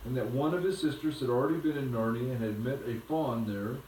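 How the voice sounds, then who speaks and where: A man reading a storybook aloud to a child at home, in a gentle, unhurried way. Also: mid-range voice, slight background noise. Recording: echoey room from a distance.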